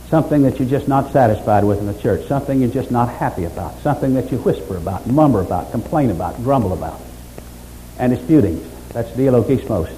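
A man preaching a sermon as pastor, building from steady teaching to fervent exhortation. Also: medium pitch, a little hiss or hum, low-quality recording.

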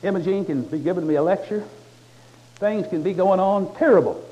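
Man preaching, folksy and joking, fairly high voice, muffled lo-fi sound. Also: brisk, warm tone. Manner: folksy, conversational preaching with humor. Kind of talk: sermon. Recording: muffled lo-fi recording.

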